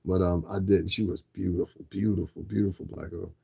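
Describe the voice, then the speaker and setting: A man's voice: low voice, level tone, brisk, vocal fry, dark tone, slightly rough. A man livestreaming a casual, rambling, profane rant to viewers, often repeating himself. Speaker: livestreamer asking viewers for donations.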